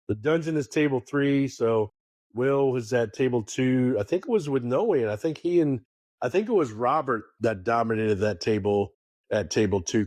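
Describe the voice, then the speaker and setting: A man's voice: fairly low pitch, dry recording. Man co-hosting a poker podcast. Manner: animated storyteller who swears freely. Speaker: podcast co-host. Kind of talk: casual chat.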